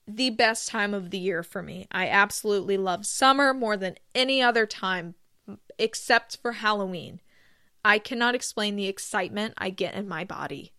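A woman hosting her own podcast, rambling through casual stories with self-deprecating asides and bursts of excitement. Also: medium pitch. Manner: gushes with excitement. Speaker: podcast host. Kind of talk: casual solo podcast chat.

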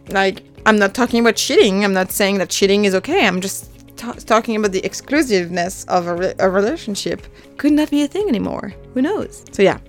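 A woman in her thirties with a French accent, hosting her own podcast in a chatty, self-deprecating way and laughing often. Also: medium pitch. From France. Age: 30s. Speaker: podcast host. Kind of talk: casual solo podcast monologue.

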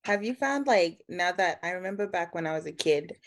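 Blunt, lower-voiced young woman. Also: lively intonation, a little fast. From Arabic-speaking country. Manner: blunt and sweary. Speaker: podcast co-host. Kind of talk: casual chat.

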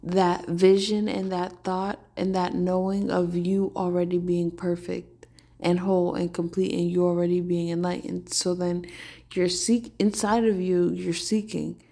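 A woman hosting a podcast, talking in a relaxed, conversational way and telling stories with lots of "like"s. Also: fairly low pitch, measured pace, creaky. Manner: animated storytelling. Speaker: podcast host. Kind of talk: casual spiritual talk.

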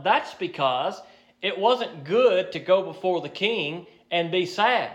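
Conversational preacher, slightly high voice. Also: male voice, fairly bright tone. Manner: conversational Bible teaching with frequent fillers and restarts. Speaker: pastor. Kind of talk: sermon.

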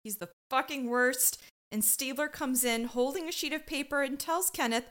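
A woman's voice: on the high side, moderate pace, fairly bright tone, smooth. A woman co-hosting a podcast, recapping a TV episode in casual chat with a wry, mock-dramatic tone and casual swearing. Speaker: podcast co-host.

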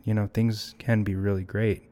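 Young guy guest, lowish flat voice, kinda hesitant and thoughtful, lots of restarts. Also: normal speed. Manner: hesitant, reflective, many restarts. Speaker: podcast guest. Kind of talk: casual conversational interview.

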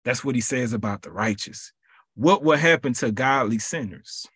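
A man leading a podcast Bible study who preaches in a lively, colloquial way and repeats his phrases for emphasis. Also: mid-range voice, normal speed, breathy edge, no echo, studio quality.

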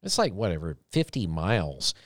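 A man guest on a casual podcast, telling rambling road-trip stories and cracking deadpan jokes. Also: low-pitched, normal speed, dry recording, clean studio sound. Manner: rambling storyteller, deadpan joking. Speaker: podcast guest, radio host. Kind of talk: casual chat.

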